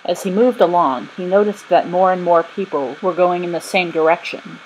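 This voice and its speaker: A woman narrating a children's storybook in a gentle, steady reading voice. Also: fairly low pitch, normal speed, slight background noise, poor audio. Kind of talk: storybook read-aloud.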